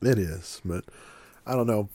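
A man's voice: fairly low pitch, unhurried, mellow, dry recording. A man co-hosting a podcast, casual chat, telling stories with lots of fillers and restarts. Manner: rambling storyteller with many fillers and restarts. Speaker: podcast co-host.

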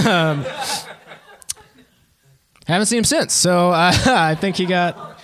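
A man's voice: high voice, animated, slow pace, pauses often, a bit bright. A man in his twenties doing a stand-up set in a living room, self-deprecating and laughing at his own jokes. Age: 20s. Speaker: stand-up comedian.

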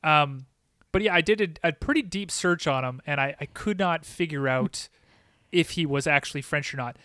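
A man co-hosting a casual podcast. He talks in a chatty, rambling way full of fillers, and his voice sits a little higher than most men's. The recording is dry and close. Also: normal speed, sharp tone, no room sound. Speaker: podcast co-host. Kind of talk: casual chat.

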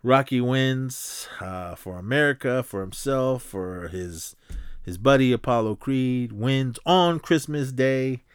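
A man hosting a podcast, casually retelling a movie fight with punch sound effects and quick impressions of the characters. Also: medium pitch, smooth, no echo, clean studio sound. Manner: animated, acts out punches with sound effects and quoted lines. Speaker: podcast host.

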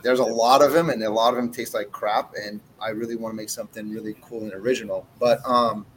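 A man's voice: on the low side, fairly even intonation, fast, fairly bright tone, slight background noise, rough recording. A man in his forties who owns a cigar brand, telling blunt, profane stories in a casual interview chat. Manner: blunt, profane, brash storytelling.

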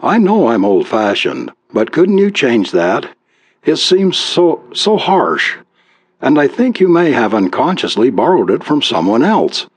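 A man voicing a fussy, doting older wife, warm and sighing, with a pleading, apologetic manner. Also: mid-range voice, sing-song, a little slow, slightly rough, no room sound, pitched above the performer's own voice.

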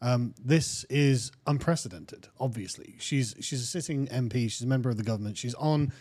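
A British man who is a guest on a political talk show, speaking in a relaxed, conversational way and quoting texts at length. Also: medium pitch, moderate pace, slightly rough. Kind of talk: casual political chat.

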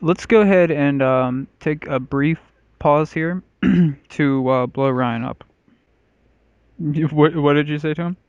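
A man's voice: fairly high pitch, takes it slowly, clean tone, no echo. Casual profane podcast host, thirties man, dull dry sound. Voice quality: rambling, profane. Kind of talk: casual chat.

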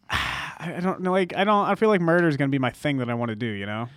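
A young man co-hosting a casual podcast, joking and teasing his co-host with a lot of slang. His voice sits a little high for a man. The sound is dry and close. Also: big pitch swings, quick pace, fairly bright tone, no room sound. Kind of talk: casual chat.

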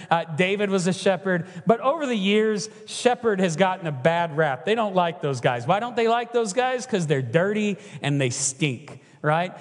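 A man from Texas preaching a sermon in a conversational way, often checking in with the congregation with "right?". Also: high-pitched. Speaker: pastor. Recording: long hall reverb.

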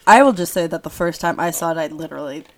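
A woman's voice: sits low, fast, crowd noise. A woman co-hosting a podcast with her sister in casual, laughing banter with some swearing. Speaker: podcast co-host. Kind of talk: casual chat.

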